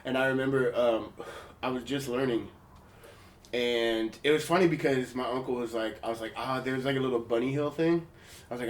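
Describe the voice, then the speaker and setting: Young guy podcast host, mid-pitch, swearing and slangy, acts out every quote. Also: fairly even intonation, a little fast, reverberant. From California. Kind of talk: casual storytelling chat. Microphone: portable handheld recorder.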